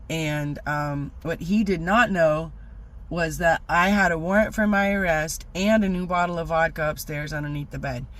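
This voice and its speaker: A middle-aged woman telling a rambling personal story in a casual vlog, animated and full of fillers. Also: low-pitched, a little hiss or hum. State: teary-eyed. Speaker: vlogger.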